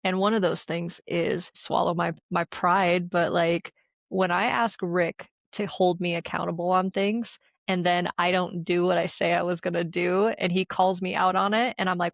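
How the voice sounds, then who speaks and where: A woman's voice: lowish voice, normal speed, no room sound, highs cut off. Candid, swearing woman podcast co-host. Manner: candid and expressive, swears casually, acts out dialogue. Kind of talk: casual podcast chat. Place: living in Salt Lake City.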